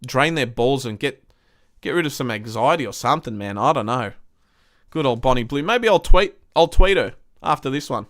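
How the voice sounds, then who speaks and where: A young Australian man hosts a live stream, reading viewer comments and ranting bluntly and frustratedly with lots of swearing. His medium-pitched voice is expressive at a moderate pace, in clean studio sound without echo.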